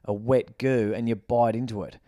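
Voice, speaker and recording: A man's voice: mid-range voice, fairly even intonation, normal speed, mellow, no room sound, studio quality. Australian man rambling through a story. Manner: rambling anecdotes, swears freely. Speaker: podcast co-host. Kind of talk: casual storytelling chat.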